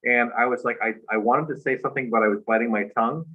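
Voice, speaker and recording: A man's voice: medium pitch, fast talker, narrow, tinny audio. A man guest on a talk show, earnestly telling a personal story in a rambling way, full of "like" and "you know".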